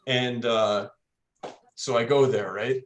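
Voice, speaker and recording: A man's voice: mid-range voice, steady tone, slow pace, slight background noise. A man on a video call with friends, telling a rambling, profane story in casual chat.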